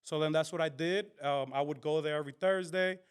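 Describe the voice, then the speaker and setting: A man on a podcast as a guest, telling his story in a casual, animated and profane way. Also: fairly high pitch, a little fast, clean tone. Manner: animated, profane, full of fillers and quoted dialogue. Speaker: podcast guest, content creator.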